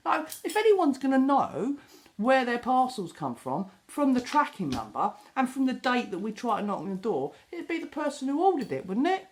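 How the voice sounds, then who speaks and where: British woman, sarcastic rant, lively up-and-down voice, casual chat at home. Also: high-pitched, normal speed. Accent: British English. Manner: exasperated, sarcastic storytelling with acted-out quotes. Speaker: vlogger. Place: home kitchen.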